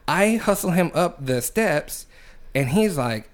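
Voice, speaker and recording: A man's voice: on the high side, expressive, slow pace. A young adult man, a podcast host, telling a rowdy story in casual chat, swearing and laughing as he goes.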